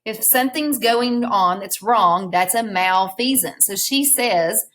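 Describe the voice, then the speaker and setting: A woman's voice: fairly high pitch, measured pace, few pauses, a bit bright, low-quality recording. A woman teacher reading a storybook aloud in a recorded class lesson, patiently explaining words and prompting her students.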